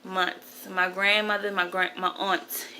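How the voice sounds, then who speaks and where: A woman's voice: mid-range voice, flat delivery, slow, bright, forceful tone, a little hiss or hum, low-quality recording. A woman in her twenties, upset and grieving, telling a rambling personal story to camera and often correcting herself. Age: 20s. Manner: rambling, emotional, self-correcting. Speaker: vlogger.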